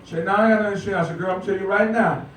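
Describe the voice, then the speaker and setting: An older man preaches in a folksy, joking way, leaning on call-and-response with his flock. His voice sits high for a man, and it sounds like it was picked up from well back in a very echoey church sanctuary. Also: steady tone, very fast, background noise. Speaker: pastor. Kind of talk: sermon. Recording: echoey church heard from far off.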